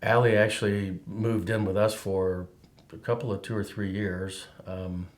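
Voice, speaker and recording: A plain-spoken middle-aged man answers in a documentary interview. He talks slowly and leaves pauses. His voice is very deep. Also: level tone.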